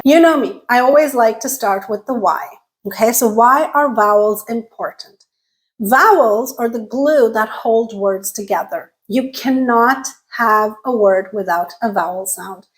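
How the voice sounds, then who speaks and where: A woman teaching English pronunciation as the host of her channel, talking straight to viewers in a clear, deliberate way. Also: a little high, rough recording. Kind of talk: scripted lesson to camera.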